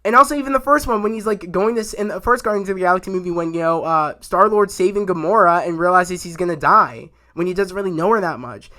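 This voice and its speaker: Excitable young man rambling about a show. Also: sits high, a little fast, hardly any pauses. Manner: rambling and excitable, many fillers and restarts. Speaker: YouTube show reviewer. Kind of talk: casual spoken review.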